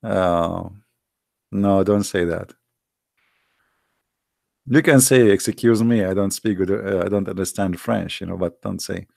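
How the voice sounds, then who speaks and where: A man with halting, non-native English giving a casual, heated, argumentative monologue to viewers, often repeating himself. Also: sits low, vocal fry, a little mellow, no room sound, clean studio sound. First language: not English.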